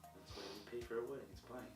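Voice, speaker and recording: A man's voice: lowish voice, fairly even intonation, fast talker. A young man chatting playfully and teasing his partner in a casual couple vlog. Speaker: vlogger. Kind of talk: casual chat. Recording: roomy, distant, with music.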